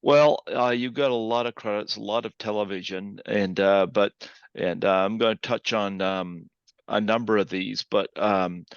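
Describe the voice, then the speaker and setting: Gravelly man on a dull, lo-fi mic. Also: on the low side, steady tone, moderate pace, no echo. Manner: hesitant, filler-heavy questioning. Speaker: podcast host. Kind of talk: interviewer.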